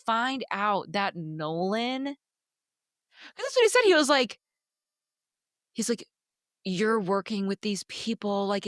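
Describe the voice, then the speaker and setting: Animated, swearing young woman podcaster. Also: a little high, no room sound, studio quality. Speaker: podcast co-host. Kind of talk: casual chat.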